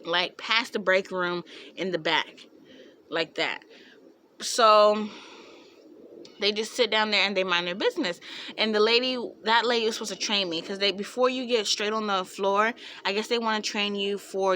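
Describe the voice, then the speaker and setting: A young woman vlogger telling a storytime tale in a sassy, animated way, with laughing asides. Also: medium pitch, normal speed, slight background noise. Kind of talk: storytime vlog.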